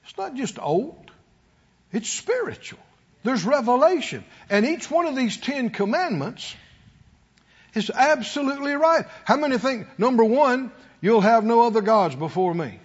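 A man preaching a sermon to a congregation in a call-and-response style, sometimes rising to shouts. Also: extremely high pitch, sing-song, a little slow, breathy edge, highs cut off. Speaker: pastor.

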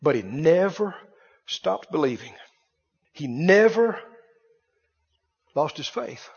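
A man preaching a sermon, swinging between hushed and loud and asking rhetorical questions. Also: on the high side, very animated, takes it slowly, gravelly, breathy edge. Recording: dull reverberant hall sound.

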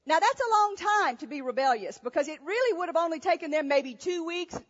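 A woman's voice: high voice, fairly bright tone. A woman preacher giving a sermon, asking rhetorical questions and telling stories with emphasis. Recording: echoey hall, dull sound.

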